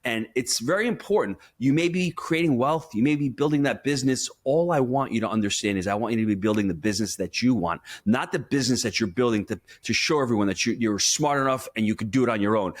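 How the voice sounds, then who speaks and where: Here the money coach talks quickly with a medium-pitched voice and hardly pauses. During the casual podcast interview he spins stories and offers advice, animated, emphatic and coaching throughout.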